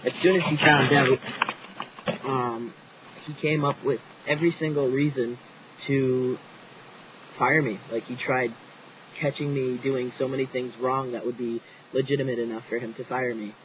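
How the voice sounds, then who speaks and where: A man's voice: medium pitch, fairly even intonation, normal speed, a bit bright, highs cut off, a little hiss or hum. Young New guy, casual and profane. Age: young adult. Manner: casual, profane, laughing often. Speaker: vlogger. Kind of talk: casual storytelling vlog. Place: outdoors.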